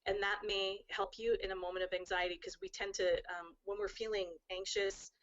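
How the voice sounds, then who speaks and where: A woman's voice: medium pitch, little pitch movement, fairly quick, a bit bright, highs cut off, slight background noise. A woman speaking as a guest, giving earnest, flowing advice in casual chat.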